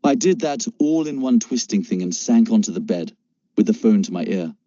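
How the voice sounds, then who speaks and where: A male narrator reads a first-person story in steady storytelling. His voice is very dark and somewhat husky. The recording is dull, dry and lo-fi. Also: lowish voice, moderate pace, no room sound. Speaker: audiobook narrator.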